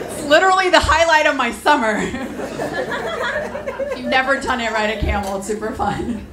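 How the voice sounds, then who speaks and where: A woman doing a stand-up comedy set on a club stage, chatty, with lots of "like" and deadpan punchlines. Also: fairly high pitch, moderate pace, slight background noise. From Alabama, USA. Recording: echoey club room. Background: audience laughter.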